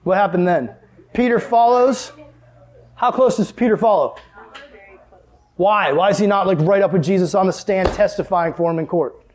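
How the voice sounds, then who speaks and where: A man's voice: normal speed, pauses often. A young man preaching to a youth group, telling a funny story and acting out both sides of the conversation. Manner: animated, jokey, acts out dialogue with big pitch jumps. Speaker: youth pastor. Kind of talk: sermon with storytelling.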